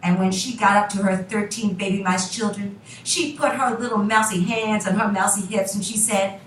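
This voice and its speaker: A woman teacher telling a children's story to her class with drawn-out repeated emphasis. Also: medium pitch, steady tone, slight background noise. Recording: roomy classroom from a distance.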